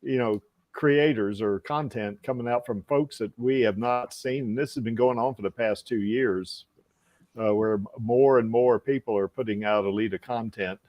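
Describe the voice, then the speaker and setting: A man's voice: mid-range voice, moderate pace, highs cut off. A man hosting a casual livestream podcast, rambling with lots of fillers and frequent laughs. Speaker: podcast host.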